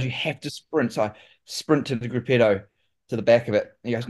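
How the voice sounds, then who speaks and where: Kiwi guy telling race stories, animated, keeps saying mate. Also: on the low side, quick pace. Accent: New Zealand. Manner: animated, says "mate" often. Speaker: guest, former pro cyclist. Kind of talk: casual storytelling.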